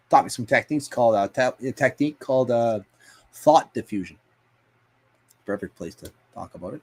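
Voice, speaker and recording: A man's voice: mid-range voice, lively intonation, a little fast. A man hosting a casual livestream, telling rambling stories full of swearing and fillers and answering viewer comments. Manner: profane, rambling storytelling with frequent fillers and laughs. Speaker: livestream host.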